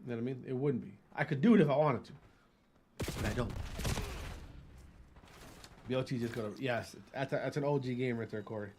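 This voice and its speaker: A man's voice: medium pitch, brisk, pauses often, noisy background. A man in his thirties from Wisconsin, a gaming streamer chatting casually and profanely with his live chat, greeting viewers by name. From Wisconsin, US Midwest.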